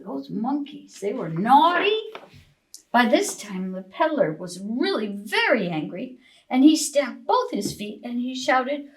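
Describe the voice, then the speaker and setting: A woman librarian reading a picture book aloud to young children, expressive and asking them questions. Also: on the high side, poor audio. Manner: slow, sing-song, expressive, asks children questions. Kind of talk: preschool storytime reading.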